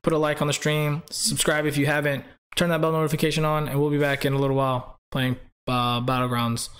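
This is a man with a somewhat high voice hosting a game live stream. He rambles casually, reads viewer names off the chat and laughs a lot between sentences. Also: flat delivery, a little fast, a bit bright.

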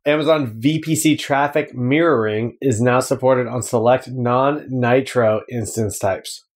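A man's voice: medium pitch, measured pace. A man co-hosting a tech podcast, reading news items out and then bantering lightly. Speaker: podcast co-host reading headlines. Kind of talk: casual tech chat.

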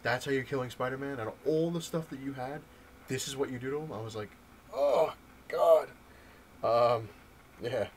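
A man casually talking through a comic book storyline, rambling with frequent ums and restarts and animated retellings. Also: medium pitch, fast talker, slight background noise, low-quality recording. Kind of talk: casual comic review talk.

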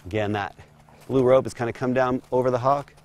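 Calm man coaching a horse lesson. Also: mid-range voice, brisk. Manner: calm, steady coaching while working a horse. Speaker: horse trainer. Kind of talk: instructional demonstration. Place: outdoor round corral.

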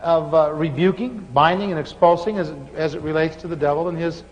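High-voiced man preaching in a hall. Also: a little fast. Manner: animated, laughing storyteller. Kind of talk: sermon storytelling. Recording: muffled hall recording with faint hiss.

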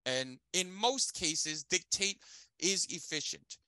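Upbeat guy teaching a tech class, keeps saying okay, pitch jumps around a lot. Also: takes it slowly, no room sound. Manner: animated, emphatic, checks in with "okay?". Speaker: tech trainer. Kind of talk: casual teaching chat.

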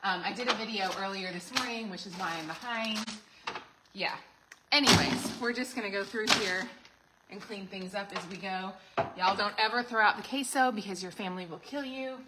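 A woman's voice: mid-range voice, moderate pace, heavy background noise. A middle-aged woman, chatting to viewers on a livestream while she cleans out her fridge, full of asides and fillers. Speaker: home organizing vlogger. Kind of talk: casual livestream chat. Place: home kitchen.

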